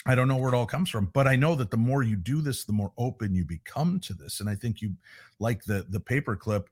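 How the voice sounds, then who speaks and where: A man's voice: mid-range voice, a little fast, husky, dry recording, clean studio sound. A middle-aged man, a paranormal investigator, telling stories in a casual interview and animatedly acting out the voices he quotes. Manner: animated storyteller who acts out quoted voices.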